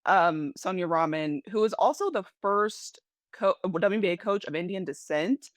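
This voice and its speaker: A woman's voice: on the low side, lively intonation, normal speed, no echo, clean studio sound. A woman interviewing a basketball player, asking long, chatty questions and cheering her on. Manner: warm-up phrasing, encouraging, many "like" fillers. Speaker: interviewer, podcast co-host.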